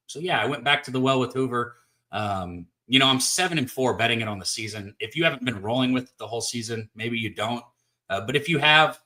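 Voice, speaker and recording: A man's voice: medium pitch, sharp tone. A man from Texas hosting a sports betting show, recapping picks in an upbeat, chatty way and talking straight to viewers. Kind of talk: casual live-stream sports talk.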